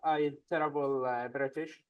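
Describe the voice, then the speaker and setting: A man learning English, answering in hesitant, halting phrases. He sounds far from the mic on a muffled video call. His voice is smooth and the sound is dry. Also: mid-range voice, fairly even intonation, no echo.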